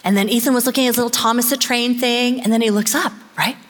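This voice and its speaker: A woman podcast host delivering a sermon-style message as an animated storyteller who acts out voices. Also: a little high, fast.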